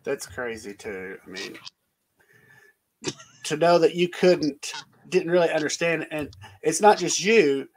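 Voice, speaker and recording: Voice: medium pitch, lively intonation, slow, pauses often, slight background noise, low-quality recording. A host in casual interview chat, asking long, friendly questions over a video call.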